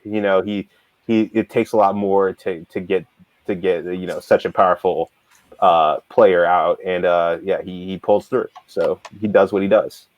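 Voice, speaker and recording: A man's voice: deep voice, fairly even intonation, a little slow, no echo, highs cut off. A man co-hosting a casual talk show, rambling animatedly with lots of fillers and restarts. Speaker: manga reader and show co-host. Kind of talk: casual discussion.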